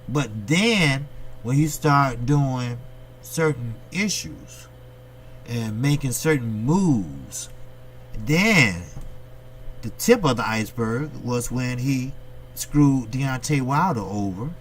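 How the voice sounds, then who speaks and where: A man from the United States rants about boxing straight to his viewers in a blunt, salty way, answering his own questions as he goes. His voice sits at an ordinary middle pitch. A faint hum runs under the recording. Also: lively intonation, slow. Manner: blunt, profane, ranting delivery. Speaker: boxing channel host. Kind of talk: opinionated boxing commentary monologue.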